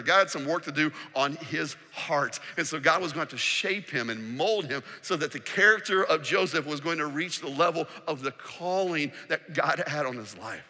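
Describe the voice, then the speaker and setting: A man preaching a sermon as pastor, expressive, dropping to a hushed voice to stress key words. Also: on the high side. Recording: long hall reverb.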